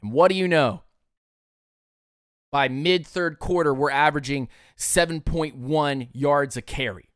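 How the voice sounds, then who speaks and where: A man hosting a sports show, breaking down game plays with excitable energy and frequent laughter. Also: on the high side, a little slow, clear, resonant tone, no room sound, studio quality. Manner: excitable, breaks into laughter, acts out players in quotes. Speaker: sports podcast host. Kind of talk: animated sports commentary.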